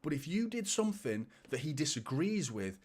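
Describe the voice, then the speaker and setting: A man's voice: on the high side, very animated, moderate pace, a little mellow. A man, hosting a live football watchalong, chatting casually and laughing as he reads viewer comments. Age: 30s.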